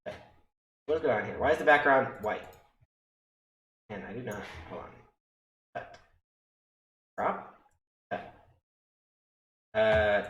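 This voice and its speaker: A man's voice: on the low side, fairly bright tone. A young man working in EMS, rambling through stories in a casual, profane way and often checking in with "okay?" and "right?". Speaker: EMS worker telling stories on stream. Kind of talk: casual storytelling on a livestream. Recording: echoey room.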